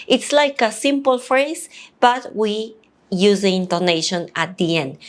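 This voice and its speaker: A woman whose first language is Spanish teaches an online language lesson, repeating each example slowly and deliberately. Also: medium pitch, expressive.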